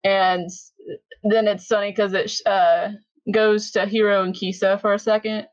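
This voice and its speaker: A woman on a podcast, casually recapping episodes and acting out the characters' lines in an animated way. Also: mid-range voice, moderate pace, no room sound, muffled recording. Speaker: podcast co-host.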